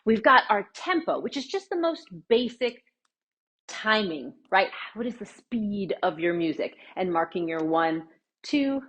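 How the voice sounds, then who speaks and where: A woman's voice: mid-range voice, big pitch swings, unhurried, a bit bright. Woman teaching dance, scatting the counts. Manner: scats the rhythm while demonstrating, often adds "right?". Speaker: dance instructor. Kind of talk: dance lesson with sung counts.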